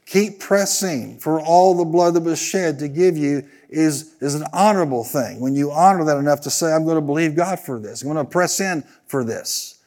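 A man's voice: a little high, normal speed, few pauses, darkish tone. A man preaching a sermon as pastor, driving his points with repeated phrases and leading the congregation in call-and-response.

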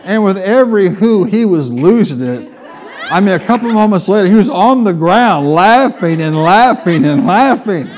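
A man preaching a sermon, telling a funny personal story with lively, animated delivery. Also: high-pitched, moderate pace. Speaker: pastor.

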